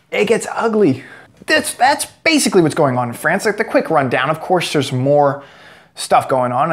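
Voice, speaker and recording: An American man giving a sarcastic, joke-filled commentary vlog as a political commentator. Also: a little high. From United States. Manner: sarcastic, joking asides.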